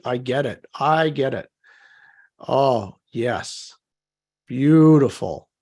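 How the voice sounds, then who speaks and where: A man leading a guided live online session, gently coaxing his listeners, repeating prompts and reading out their chat comments. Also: medium pitch, vocal fry. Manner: reads out chat comments warmly. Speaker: session facilitator.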